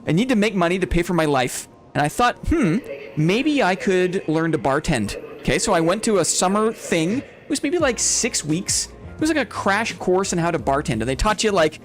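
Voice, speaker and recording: A young man chatting casually and rambling to his viewers while he plays a game. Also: sits high. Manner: chatty, rambling, addresses chat as brother. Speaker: streamer. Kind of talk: casual gameplay chat to viewers.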